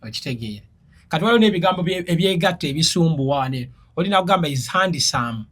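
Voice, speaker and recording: A man's voice: a little high, rapid-fire. A man from Uganda, an interview guest telling stories and explaining words like a teacher, laughing now and then. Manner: animated storyteller, laughs while explaining. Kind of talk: casual interview chat.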